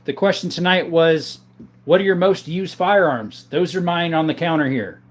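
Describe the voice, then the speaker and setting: A man with a fairly high-pitched voice hosts a laid-back livestream from home. He reads out viewer names and chats back, easygoing and unhurried. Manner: calls viewers brother. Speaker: livestream host answering viewer chat. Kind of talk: casual live chat. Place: home, in front of a counter.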